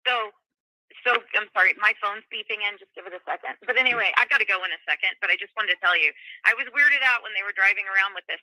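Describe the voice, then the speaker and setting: A man with a high, very sharp and bright voice rambles through a story, circling back to the same words. The sound is dry and close. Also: quick pace, no echo, poor audio. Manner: rambling, repeats himself. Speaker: interviewee. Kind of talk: personal account.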